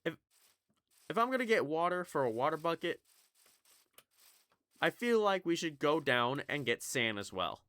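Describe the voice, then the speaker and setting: A man's voice: a little high, big pitch swings, normal speed, long pauses, a bit bright. A young man with a slight Southern US accent from Kentucky, rambling and swearing through casual gameplay commentary. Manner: rambling, swearing, jumpy, chatty. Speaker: gaming YouTuber.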